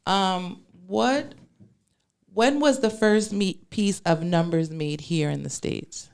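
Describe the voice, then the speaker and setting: A woman's voice: mid-range voice, takes it slowly, creaky, smooth. A woman hosting a casual fashion podcast, chatty and playful, laughing easily, with a New York accent. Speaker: podcast host.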